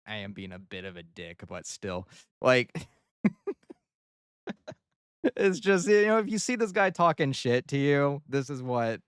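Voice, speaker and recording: Male streamer, casual rambling banter, smooth tone, dry close sound. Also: mid-range voice, dry recording. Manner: joking, rambling, laughs at himself. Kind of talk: casual livestream chat.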